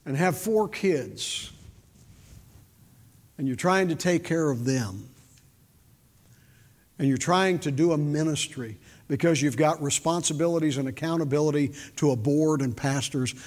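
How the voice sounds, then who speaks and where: An older man giving a sermon with folksy storytelling, shifting from loud emphasis to quiet, intimate moments. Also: a little high, a little slow, pauses often. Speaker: preacher. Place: large church hall. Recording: reverberant church hall.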